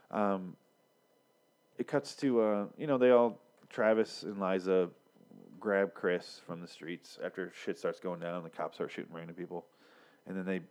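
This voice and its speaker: A man's voice: low voice, darkish tone. A young man casually recapping a TV episode, rambling and sarcastic with lots of swearing and filler words. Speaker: podcast host reviewing a TV episode.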